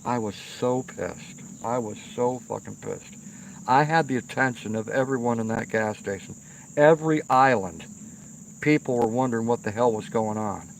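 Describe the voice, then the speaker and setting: A middle-aged man with a rough, gravelly voice tells a rambling story outdoors at night, swearing freely and stopping to ask "okay?" along the way. His pitch sits in an everyday middle range. Crickets chirp faintly in the background. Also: moderate pace, slight background noise. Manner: rambling, profane, keeps checking in with "okay?". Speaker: livestream host. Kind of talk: casual storytelling. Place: outdoors by a fire pit at night.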